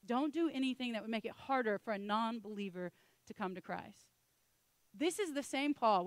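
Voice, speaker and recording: A woman preaching a sermon in a lively way, often acting out the voices of the people she quotes. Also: on the high side, dry recording. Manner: animated, acts out quoted voices.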